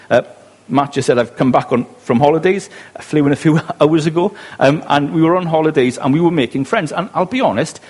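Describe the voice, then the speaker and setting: A Welsh man in middle age delivers a sermon in a chatty, questioning way. His voice sits a little high for a man and swings widely in pitch. There is a slight husk to it. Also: darkish tone, breathy edge. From West Wales. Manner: conversational, asks the listeners rhetorical questions. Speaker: preacher.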